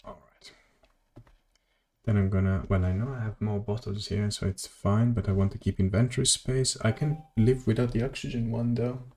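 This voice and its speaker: A man's voice: on the low side, fairly even intonation, normal speed, dark tone, a little hiss or hum. A man streaming a game from his home office, chatting casually and rambling as he plays, correcting himself and answering chat. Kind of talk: casual gameplay commentary.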